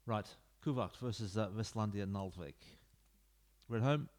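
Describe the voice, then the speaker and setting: Man, low-ish voice, casual chatty let's-play host, rambling asides, home desk mic. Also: moderate pace. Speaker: gaming YouTuber. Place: home room. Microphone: desk mic into computer.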